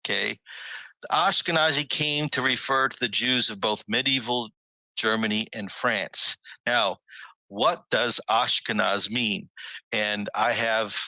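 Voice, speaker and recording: A man's voice: lowish voice, a little slow, pushed and bright, dry recording, rough recording. A man giving a casual history lecture on a video call, musing aloud and rising on rhetorical questions. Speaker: presenter of a history talk. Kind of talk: casual lecture over a screen share.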